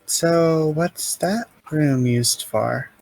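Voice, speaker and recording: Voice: medium pitch, drawn-out words, gravelly, darkish tone, no echo, poor audio. A player asking plain, polite questions in character at a tabletop game.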